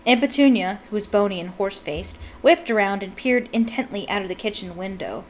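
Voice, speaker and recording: A woman's voice: medium pitch, a little fast, slight background noise, poor audio. A woman reading a novel aloud and breaking off for chatty asides of her own. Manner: chatty asides between narrated passages. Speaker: book reader.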